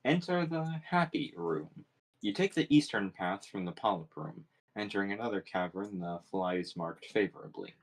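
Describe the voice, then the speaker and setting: A man narrates a webcomic aloud in a steady, second-person reading. His voice sits on the low side. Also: normal speed, hardly any pauses, poor audio. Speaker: reader.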